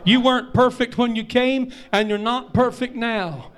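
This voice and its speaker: Male pastor, high-pitched, fiery repetitive preaching. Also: fairly even intonation, normal speed, some chatter behind. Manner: preaching, repeats lines and rises to shouts. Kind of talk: sermon.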